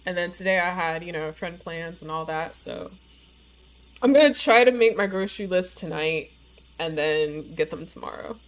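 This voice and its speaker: A woman plays a game on a live stream, her fairly low voice expressive at a moderate pace. She chats loosely with plenty of "like" and "you know," words a bit slurred after biting her tongue.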